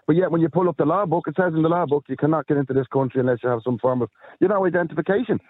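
A man's voice: a little high, very fast, dry recording. An Irish man speaking as a guest on a heated talk-show panel, impassioned and indignant as he argues his point. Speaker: guest commentator. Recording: phone-line call-in audio.

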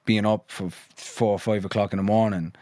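A young male musician, raised between London and New Ross in Ireland, chats loosely as a guest on a podcast, swearing freely and peppering his talk with "like" and "you know." His lowish, dark voice is brisk and fairly even in intonation. There's no echo on the recording.

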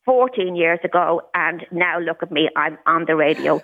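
A woman's voice: low voice, normal speed. Woman in her sixties on the phone. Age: 60s. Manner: candid, with occasional stutter repetitions. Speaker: caller. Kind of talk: phone-in radio conversation. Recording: tinny phone line.

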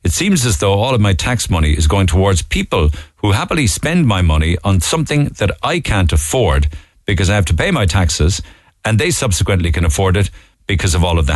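A man's voice: low-pitched, no echo. Chatty Cork man hosting talk radio. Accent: Irish, Cork. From Ireland. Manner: chatty, conversational, reading lists with asides. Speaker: radio show host. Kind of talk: talk radio, reading out listener texts. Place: radio studio.

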